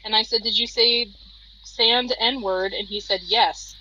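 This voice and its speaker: A woman in casual chat, recounting things plainly and matter-of-factly. Her voice is bright and sits mid-range. The audio is dull, with faint noise behind it. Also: fairly high pitch, steady tone, slow pace.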